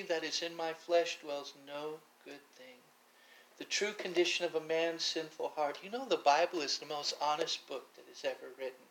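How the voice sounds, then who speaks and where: Impassioned preaching man, fairly high voice. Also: low-quality recording. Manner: swells to loud impassioned preaching, with frequent restarts. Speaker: pastor. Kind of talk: sermon.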